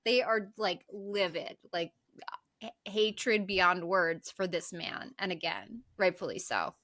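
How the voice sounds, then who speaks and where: A woman co-hosting a podcast, recapping a film in an animated, profane, casual way. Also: lowish voice, takes it slowly. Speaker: podcast co-host. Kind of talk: casual movie recap chat.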